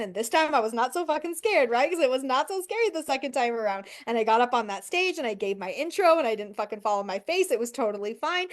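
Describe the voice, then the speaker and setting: A punchy woman business coach swears her way through a motivational talk, aimed straight at her viewers. Her voice sits a touch high, and she keeps the energy up with rhetorical questions and quick "okay"s and "right"s. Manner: profane, emphatic, talks straight to the viewer.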